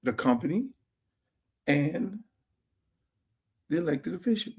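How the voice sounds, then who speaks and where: High-voiced man ranting on his stream. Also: slow pace, husky. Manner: animated, blunt and profane, with street slang. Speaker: show host. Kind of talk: casual livestream rant to viewers. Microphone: streaming setup mic.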